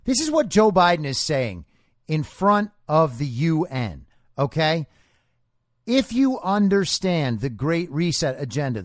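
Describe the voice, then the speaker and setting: A man's voice: high voice, dry recording, studio quality. A man hosting a political commentary podcast, lecturing in a combative way and often tagging lines with "okay?". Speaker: podcast host.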